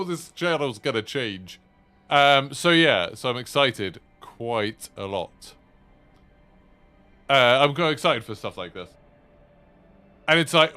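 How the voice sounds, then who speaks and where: A man's voice: mid-range voice, bright, forceful tone. A man in his thirties chatting casually to viewers while streaming, rambling with lots of fillers. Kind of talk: casual live-stream chat.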